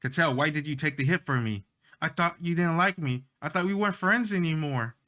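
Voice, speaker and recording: A man voicing a hyperactive young fairy child in a video game, high and whiny. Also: brisk, bright, forceful tone. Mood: hurt.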